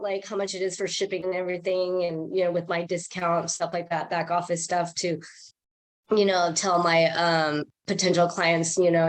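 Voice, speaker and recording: A woman telling a casual sales story on a group call, chatty and animated, acting out what people said. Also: lowish voice. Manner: chatty, animated, acts out quoted dialogue. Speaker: team member sharing a sales story.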